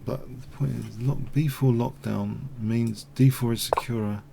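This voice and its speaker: A man thinking aloud in a halting way as he commentates his own online chess game. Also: medium pitch, fairly even intonation, gravelly, warm tone, a little hiss or hum. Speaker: chess streamer.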